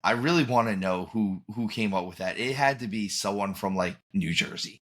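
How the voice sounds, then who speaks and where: A man's voice: fairly low pitch, moderate pace, a bit bright. A man hosting a podcast in casual chat, rambling and often trailing off and restarting mid-thought. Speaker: podcast host.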